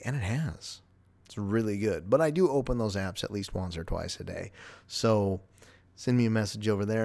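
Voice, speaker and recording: Male solo podcast host, low gravelly voice, loose rambling delivery, dry self-deprecating humor. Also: a little mellow. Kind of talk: casual solo podcast monologue.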